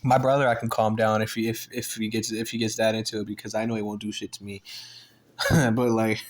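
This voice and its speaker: A man's voice: fairly low pitch, flat delivery, brisk. A young man telling a story in a casual vlog, profane and rambling, breaking into laughter often. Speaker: vlogger.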